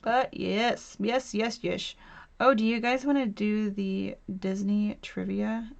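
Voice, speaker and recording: A woman's voice: mid-range voice, steady tone, takes it slowly, vocal fry. A woman in her thirties hosting a casual craft livestream from home, chatting and laughing with viewers and reading their comments aloud. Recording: dull lo-fi stream audio.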